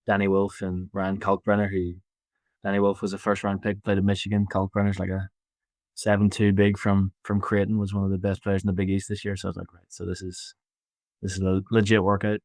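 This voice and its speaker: A man in his twenties with a Belfast accent, talking casually as an interview guest, relaxed and halting with many fillers. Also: low-pitched, no echo. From Northern Ireland. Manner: easygoing, halting, lots of fillers and restarts. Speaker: basketball player guest.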